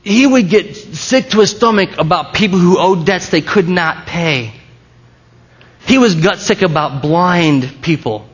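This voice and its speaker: A man preaching in a loose, conversational style, breaking off and restarting his sentences. His voice sits a little on the high side, and the recording sounds somewhat dull and lo-fi. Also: animated, unhurried, breathy edge. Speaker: pastor. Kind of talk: sermon.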